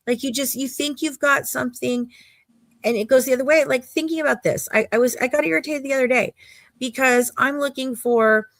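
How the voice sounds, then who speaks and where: Woman host, live chat; exasperated rambler, higher voice, dry close mic. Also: fairly even intonation, fairly quick, no room sound. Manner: rambling, exasperated, many restarts. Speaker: podcast co-host. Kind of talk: casual live-stream chat.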